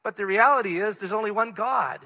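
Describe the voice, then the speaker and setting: Middle-aged male pastor, earnest sermon delivery, bright tone, echoing sanctuary. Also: high-pitched, a little fast. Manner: earnest, reads scripture then explains plainly. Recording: long reverb of a large hall.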